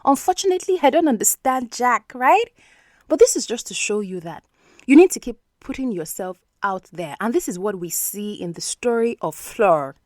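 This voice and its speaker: A woman's voice: mid-range voice, dry recording, clean studio sound. Patient woman teaching English. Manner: patient, explanatory, checks in with frequent "okay?". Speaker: English teacher and podcast host. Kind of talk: podcast English lesson.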